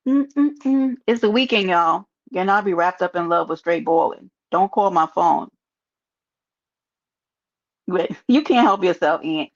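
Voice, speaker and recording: Gravelly, joking New woman streamer. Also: mid-range voice. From New York. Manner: playful, joking, talks straight to her chat. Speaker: livestreamer. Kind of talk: casual live stream chat. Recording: muffled lo-fi stream audio.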